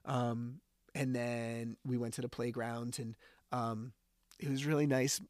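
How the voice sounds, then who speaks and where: A man's voice: medium pitch, little pitch movement, unhurried, darkish tone, dry recording, studio quality. A man hosting a podcast, telling personal stories in a chatty, casual way with lots of fillers. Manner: chatty storytelling with many fillers. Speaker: podcast host.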